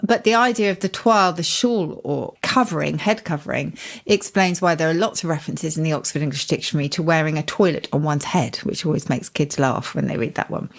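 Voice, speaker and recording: A middle-aged woman co-hosting a podcast, explaining word origins in a thoughtful, lively way. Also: deep voice, a little fast, gravelly. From Yorkshire. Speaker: podcast co-host.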